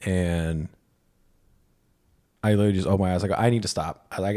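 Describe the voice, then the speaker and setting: Man, low voice, casual podcast chat, candid, self-deprecating storyteller. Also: expressive, fast talker, long pauses, a little mellow. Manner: candid, self-deprecating, quotes others in dialogue. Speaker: podcast co-host.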